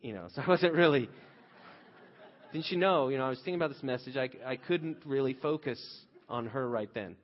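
A man's voice: mid-range voice, brisk. A man in his thirties preaching a sermon conversationally, telling a story about his own family and restarting phrases often. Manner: conversational storytelling with frequent restarts, rising loud when quoting himself. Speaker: pastor. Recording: dull lo-fi sound with long hall reverb.

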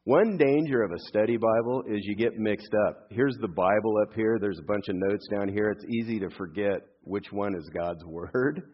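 A man's voice: on the low side, moderate pace, hardly any pauses, slightly rough, muffled recording. An older man, a pastor, giving a conversational sermon with frequent fillers and friendly asides.

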